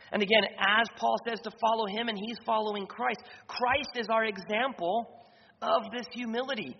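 A man preaching an expository sermon as pastor, restating his points and pausing on fillers. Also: sits high. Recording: dull, slightly noisy reverberant hall.

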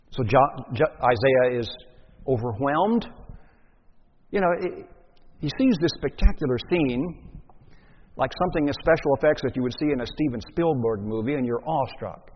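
A man's voice: medium pitch, expressive, normal speed, a little hiss or hum. A man preaching a sermon, teaching emphatically and posing rhetorical questions to his listeners. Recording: dull sound with long hall reverb.

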